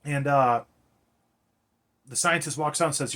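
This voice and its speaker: A man's voice: mid-range voice, measured pace, sharp tone. A man recapping a film in a casual, rambling way, swearing freely and leaning on fillers. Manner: rambling, profane, filler-heavy. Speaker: movie reviewer.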